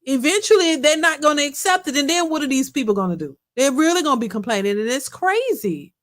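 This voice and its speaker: High-voiced woman reacting to chat. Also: lively intonation, fast talker, fairly bright tone. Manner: emphatic, repetitive, talks to chat. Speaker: reaction channel host. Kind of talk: casual live reaction commentary.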